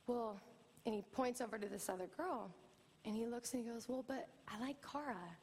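A middle-aged woman pastor preaching a sermon, telling a family story with lively, animated delivery. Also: a little high, normal speed, husky, in a large hall. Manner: storytelling, animated, acts out quoted voices. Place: church.

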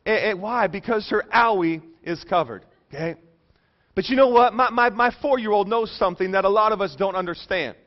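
High-voiced joking pastor. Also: male voice, brisk, dull audio. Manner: conversational, joking, asks the crowd often. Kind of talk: sermon.

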